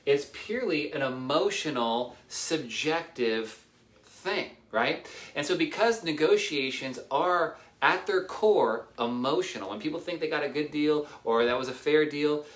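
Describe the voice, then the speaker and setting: A man giving casual real estate negotiation tips, energetic, repeating himself and acting out little dialogues. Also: a little high, unhurried, roomy sound. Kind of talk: casual talk to camera.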